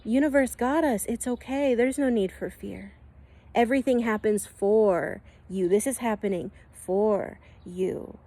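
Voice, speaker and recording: A woman voicing her calm higher self, who reassures in relaxed slang. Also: a little slow. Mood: soothing. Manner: laid-back, soothing slang.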